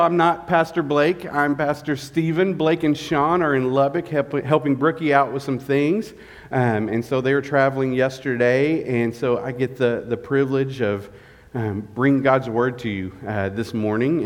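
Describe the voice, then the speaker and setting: A man, a guest pastor, preaching a sermon, candid and tired, halting with fillers. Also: medium pitch. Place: church sanctuary. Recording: long reverb of a church hall.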